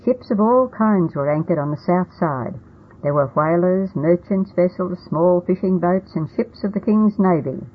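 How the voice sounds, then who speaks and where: Husky woman narrating a storybook. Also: fairly low pitch, measured pace. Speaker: audiobook narrator. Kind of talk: first-person storybook narration. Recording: tinny phone-like audio.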